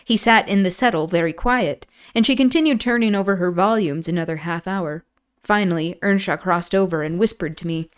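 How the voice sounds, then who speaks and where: A woman streamer reading a classic novel aloud, breaking off for relaxed, chatty asides. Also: fairly low pitch, brisk, clean tone. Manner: relaxed, chatty asides and laughter between passages.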